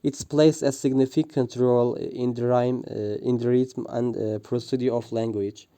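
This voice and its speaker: A man reads a prepared linguistics presentation, pausing often with "uh" and restarting words. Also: mid-range voice, flat delivery, mellow. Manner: hesitant, frequent "uh" fillers and restarts. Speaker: student presenter.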